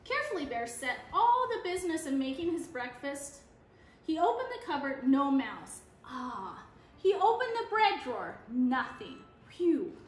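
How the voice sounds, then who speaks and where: A woman reading a children's picture book aloud in an expressive, animated storytelling manner. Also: high-pitched, normal speed, roomy sound, a little hiss or hum.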